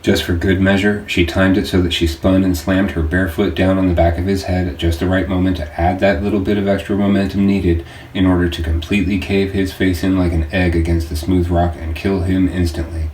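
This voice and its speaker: A man reading his own audiobook in a slow, measured way. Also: low voice, level tone, darkish tone. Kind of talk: audiobook narration. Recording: echoey room, distant mic, faint noise.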